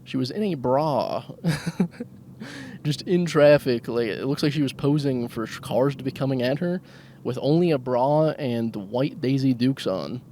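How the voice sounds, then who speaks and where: A man's voice: medium pitch, moderate pace, warm tone, a little hiss or hum. A man hosting a solo comedy podcast from his car while driving, crude and self-mocking, often laughing. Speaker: podcast host. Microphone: handheld microphone.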